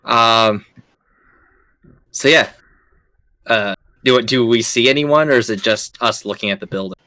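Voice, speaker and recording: Bright-voiced man, unsure. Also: medium pitch, measured pace, no echo, low-quality recording. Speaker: player.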